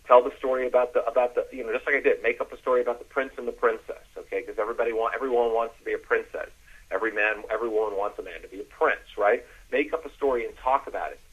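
Guy coaching dating tips, kinda husky, muffled lo-fi sound. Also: a bit bright. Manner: coaching, drops into low demonstration voice. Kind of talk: instructional podcast talk.

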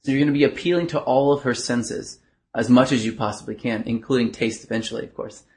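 A man teaching in an instructional video, moving between a bright conversational voice and a lower, softer chest voice, with frequent "uh" fillers. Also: fairly even intonation, fast talker. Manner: shifts between a bright throat voice and a low, soft chest voice; earnest, explanatory, with filler words. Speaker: dating coach.

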